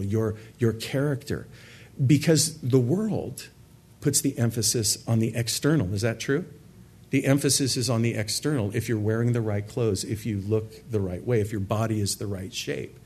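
A man's voice: lowish voice, normal speed, a little mellow, breathy edge. A man preaching a sermon to a congregation in a church, earnest and emphatic, often repeating words for stress. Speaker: pastor. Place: church sanctuary with a live congregation.

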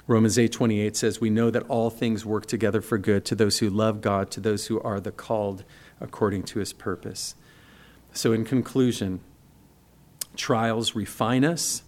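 A man preaching a sermon in a conversational way, asking rhetorical questions and slowing down to stress the scripture he quotes. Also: fairly low pitch, steady tone, a little mellow. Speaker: pastor.

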